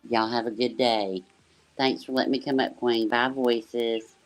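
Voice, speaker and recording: A woman's voice: extremely low pitch, steady tone, measured pace, faint music behind. A woman joining a livestream panel as a guest, talking in a loose, rambling way with lots of filler words. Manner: rambling, full of "you know" fillers. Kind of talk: casual livestream chat.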